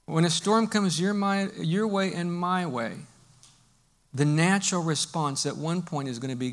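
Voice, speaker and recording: A man preaching a sermon as a pastor, telling stories in an animated way and swinging between loud bursts and hushed lines. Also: on the high side, a little slow.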